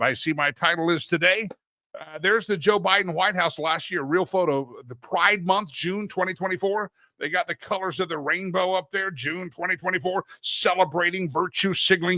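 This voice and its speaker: A man hosts a talk show in a casual, joking way with a sarcastic streak. His voice is bright and sits a little high. The sound is dry and close to the mic. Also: lively intonation, a little fast, no room sound. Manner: playful and sarcastic.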